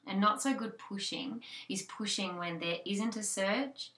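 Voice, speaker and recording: A woman's voice: medium pitch, a little slow, a bit bright, reverberant. A woman with an Australian accent, a childbirth educator giving an informal talk with many fillers and restarts. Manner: conversational, with frequent fillers and restarts.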